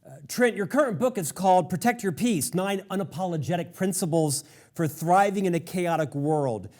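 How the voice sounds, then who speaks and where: A male podcast host introducing his guest with admiring, deliberate emphasis. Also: high voice, expressive, a little mellow. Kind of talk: interview.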